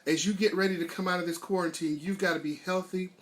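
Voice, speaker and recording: A man's voice: sits high, steady tone, fast. A man hosting a weekly motivational live stream, speaking earnestly and building to emphatic peaks. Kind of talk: motivational talk. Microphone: live stream webcam setup.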